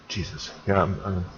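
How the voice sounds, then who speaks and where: A man from Germany with a German accent, speaking English in a grumpy, halting vlog rant, repeating words and swearing. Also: deep voice, background noise. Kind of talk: ranting monologue vlog. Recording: dull lo-fi recording.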